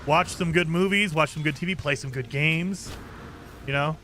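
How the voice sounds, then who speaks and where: A man's voice: fairly high pitch, normal speed, bright, forceful tone, slight background noise. A man streaming a game, chatting casually with viewers in a joking, teasing way and laughing often. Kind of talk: casual live commentary while playing.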